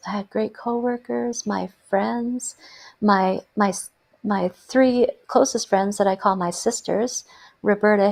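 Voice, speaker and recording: A woman's voice: mid-range voice, vocal fry. A middle-aged woman telling her own story as host, earnest and reflective, with emphatic repetitions. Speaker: host, life coach and hypnotherapist. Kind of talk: personal storytelling to camera.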